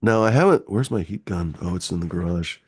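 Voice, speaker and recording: A man with a fairly low voice hosts a casual live-stream chat. He rambles, restarts, and swears freely. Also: expressive, fairly quick, a little mellow, breathy edge. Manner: rambling, profane, easygoing. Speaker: host.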